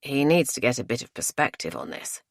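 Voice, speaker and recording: A woman reading as a grumbling middle-aged man with a dry, sardonic edge, pitched low and flat. The close audiobook voice has no room echo. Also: brisk, full character voice.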